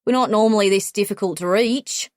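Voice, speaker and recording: A woman's voice: mid-range voice, a little fast, no room sound, clean studio sound, close to an everyday voice. A woman voicing a brash young Australian man, a guide with a cocky, breezy, overconfident manner, in an audiobook.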